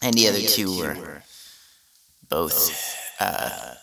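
A man's voice: low-pitched, takes it slowly, vocal fry, bright, forceful tone, recorded from a distance. A man hosting a comedy podcast, rambling through a profane, incredulous monologue. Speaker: podcast host.

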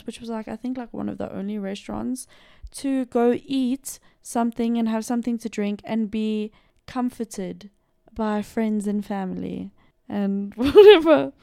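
A woman's voice: fairly high pitch, vocal fry, mellow, smooth, no echo, clean studio sound. Chatty South African woman telling a crime story. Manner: chatty, filler-heavy storytelling with asides. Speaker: podcast host narrating a case. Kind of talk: casual true-crime podcast narration.

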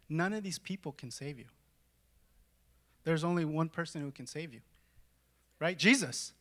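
A man preaching a sermon in a conversational way, full of "like" and "right?", dropping to a hush and then rising to shouts. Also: high-pitched. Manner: dramatic swings from hushed to shouting.

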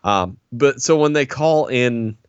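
A man's voice: medium pitch, lively intonation, slow pace, clear, resonant tone, no echo, lo-fi sound. A man cohosting a movie podcast, enthusiastic and stammering through restarts as he talks. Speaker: podcast co-host. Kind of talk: casual movie discussion.

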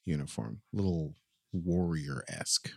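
Deep-voiced, wry man riffing on a movie. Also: animated, measured pace, vocal fry, slightly rough, no echo, clean studio sound. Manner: wry, sarcastic asides. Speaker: podcast co-host. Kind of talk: casual watchalong commentary.

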